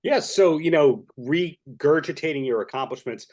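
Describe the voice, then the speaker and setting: A man's voice: on the high side, normal speed, darkish tone. A man hosting a podcast interview over a video call, asking long, friendly questions that run through the guest's credits. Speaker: podcast host.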